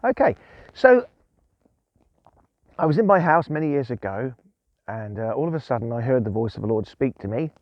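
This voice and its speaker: Male guest preacher, chatty storyteller, animated delivery, slightly muffled recording. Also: medium pitch, normal speed, pauses often, no room sound. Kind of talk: informal devotional talk. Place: outdoors in the countryside.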